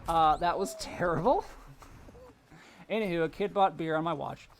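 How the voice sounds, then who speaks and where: A man's voice: a little high, measured pace. A young man streaming a game live, chatting casually with viewers, telling stories and laughing often. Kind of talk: casual live-stream chat while gaming.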